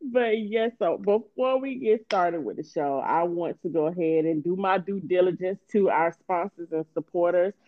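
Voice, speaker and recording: A woman's voice: fairly low pitch, no echo, narrow, tinny audio. Bubbly, laughing podcast host woman. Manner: bubbly, laughs often, talks fast when excited. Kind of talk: casual book podcast chat.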